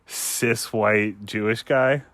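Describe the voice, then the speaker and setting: A man's voice: fairly low pitch, steady tone, slow, fairly bright tone, dry recording. A man co-hosting a podcast, hedging with lots of "like" and "um" and a dry sense of humor. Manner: hesitant, full of likes and ums, dry humor. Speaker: podcast co-host. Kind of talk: casual banter.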